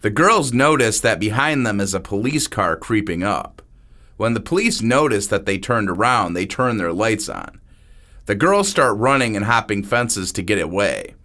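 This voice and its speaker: A man narrating a crime story in a plain, unhurried manner. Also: lowish voice, expressive, pushed and bright.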